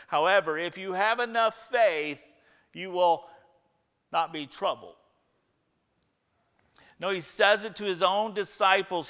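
A man preaching a sermon, emphatic and repeating key phrases, dropping to a hush and rising again. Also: fairly high pitch, clean tone, long reverb tail. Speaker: pastor.

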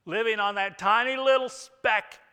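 A man's voice: sits high, fairly even intonation, moderate pace, smooth, big-room sound, voice pushed up. A preacher voicing a tender heavenly father. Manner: swells to loud proclaiming, then drops to hushed.

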